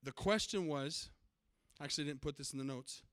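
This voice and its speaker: High-voiced emphatic preacher. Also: male voice, fairly quick, a bit bright, dry recording. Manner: emphatic preaching with frequent questions to the congregation. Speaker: pastor. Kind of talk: sermon.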